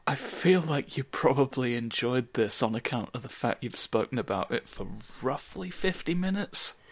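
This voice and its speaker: A man's voice: medium pitch, lively intonation, moderate pace, fairly bright tone. A man co-hosting a casual chat, answering with wry, teasing remarks. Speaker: podcast co-host.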